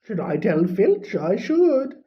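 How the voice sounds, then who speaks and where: A reader voicing a mischievous male poltergeist, with a shrill, sing-song, taunting delivery. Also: big pitch swings, slow. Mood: gleeful taunting. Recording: dull lo-fi recording.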